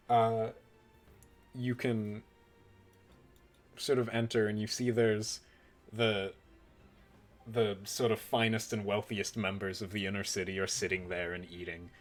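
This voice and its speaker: A young adult man narrating a tabletop game as game master, in a relaxed, rambling way. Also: fairly low pitch.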